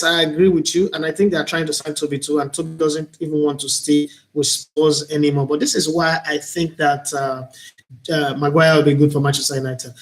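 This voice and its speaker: Nigerian man, talk-show host, earnest and opinionated, voice sits a bit high. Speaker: host and broadcaster. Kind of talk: live-streamed talk show monologue.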